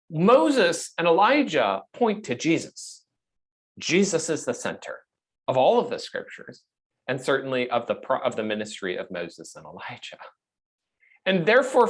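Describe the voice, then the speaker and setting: A man preaching an expository sermon, stressing key points and repeating phrases for emphasis. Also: on the high side. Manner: reads scripture quotes slowly with added inflection.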